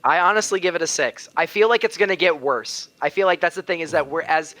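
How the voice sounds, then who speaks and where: A man's voice: a little high, fast, sharp tone, dry recording. A man on a casual podcast, arguing his points at length and riffing playfully with the others. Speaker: regular co-host.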